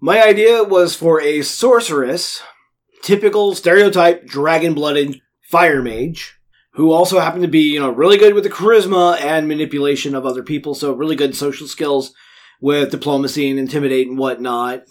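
A man with a slightly higher voice than most, hosting a casual podcast chat. He keeps things playful and jokey, trading puns and explaining his ideas at length. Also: moderate pace. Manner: playful, punning.

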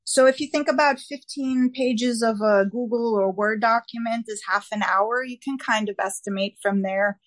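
A woman's voice: a little high, normal speed, hardly any pauses, no room sound. A woman with a New York accent, co-hosting a podcast in casual, chatty talk and laughing easily. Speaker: podcast co-host. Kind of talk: casual chat.

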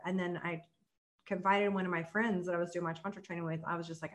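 A young woman, a tantra coach, talking on a podcast and leading a soft, slow guided meditation. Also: on the low side, flat delivery.

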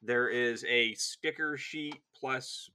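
A man's voice: medium pitch, slow pace, sharp tone, clean tone. A man co-hosting a podcast in casual chat, rambling, profane and enthusiastic. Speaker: podcast co-host.

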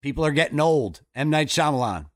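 A man's voice: a little high, animated, no echo, clean studio sound. A man co-hosting a casual movie podcast, joking and swearing as he talks through a film. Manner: jokey, swearing, quick asides. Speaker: podcast co-host. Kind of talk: casual movie review chat.

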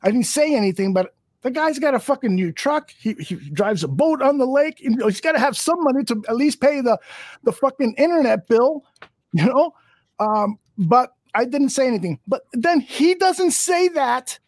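A man on a podcast venting in an angry, profane, rambling rant full of restarts. His pitch swings widely as he gets worked up. The sound is dry and close. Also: lively intonation, moderate pace, darkish tone, dry recording. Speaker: podcast host.

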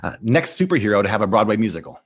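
A man with a fairly low voice hosts a relaxed interview. He sounds eager and encouraging, and he rattles off rapid questions. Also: husky. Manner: enthusiastic, quick-fire questions. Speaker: podcast host. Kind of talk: casual interview.

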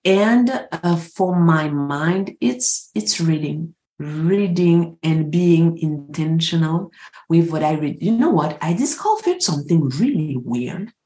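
A woman from France, a mindset coach speaking as an interview guest in earnest, deliberate English. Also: low-pitched, animated, warm tone, echoey room. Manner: earnest, deliberate, slightly non-native phrasing. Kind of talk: interview conversation.

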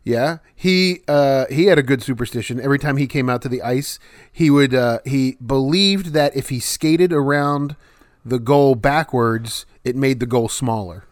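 A man's voice: mid-range voice, moderate pace, dry recording, clean studio sound. A man co-hosting a casual podcast chat, rambling with many false starts. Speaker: podcast co-host.

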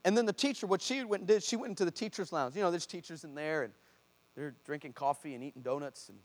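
High-voiced pastor telling a lively story. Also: male voice, quick pace. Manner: animated, acts out shouts and voices of people in his story. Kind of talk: sermon storytelling. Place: church hall before a congregation.

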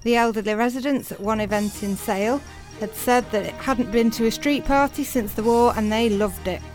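Woman co-presenting, evenly read, soft music. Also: on the high side, normal speed, rough recording. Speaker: co-host of a charity update. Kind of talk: scripted radio presenting. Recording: music bed underneath.

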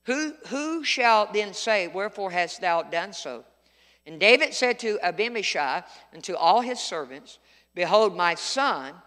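Middle-aged guy preaching a sermon, bright voice, tells stories and gets loud at times. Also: sits high, in a large hall. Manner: preaching with folksy storytelling and emphatic outbursts. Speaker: pastor.

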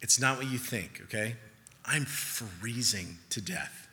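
Man doing a sly coaxing rattlesnake, hushed and low, bright tone, long hall reverb. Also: slow pace. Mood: pleading. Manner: coaxing, wheedling promises. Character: sly pleading male talking rattlesnake.

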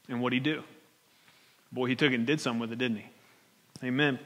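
A man preaching a sermon as pastor, conversational and animated, often restarting his phrases. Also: mid-range voice, fairly quick, pauses often. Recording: long hall reverb.

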